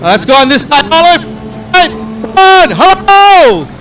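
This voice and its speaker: Holding a handheld mic at an outdoor race, a man with an extremely high-pitched voice works the crowd energetically and slowly, counting down and calling for cheers. Music plays underneath, and the recording quality is low.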